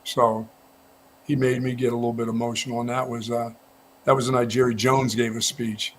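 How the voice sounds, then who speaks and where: A man co-hosting a morning sports radio show, telling stories in a relaxed, casual way with frequent restarts. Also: medium pitch, a little fast, a little hiss or hum. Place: radio studio.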